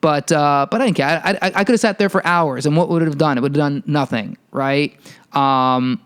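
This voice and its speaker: A male podcast host delivering a heated, profane ranting monologue, telling a story with animated energy. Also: a little high, fairly quick, smooth.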